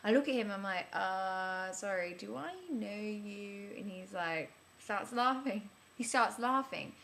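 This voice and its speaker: A woman's voice: mid-range voice, unhurried, vocal fry, fairly bright tone, slight background noise. A woman playing a rambling, bewildered amnesiac. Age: 30s. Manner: rambling, breathless, many restarts and filler words. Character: flustered woman in her thirties with amnesia, chatty and bewildered. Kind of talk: scripted character vlog.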